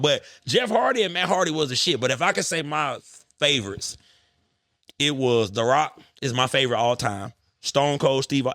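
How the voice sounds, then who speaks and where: A man hosting a podcast, telling stories in an animated, profane way. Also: mid-range voice, no echo, clean studio sound. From United States. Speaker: podcast host. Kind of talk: casual podcast chat.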